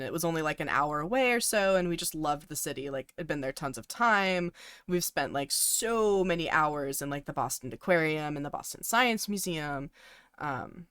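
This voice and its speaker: A woman's voice: low voice, a bit bright, no echo, clean studio sound. A young woman co-hosting a podcast, telling a long story casually with many ums and likes and frequent laughs. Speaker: podcast co-host.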